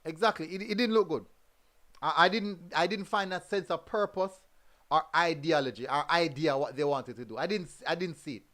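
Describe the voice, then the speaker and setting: A man's voice: on the high side, normal speed, a bit bright. A man hosting a casual football review show, often repeating his phrases for emphasis.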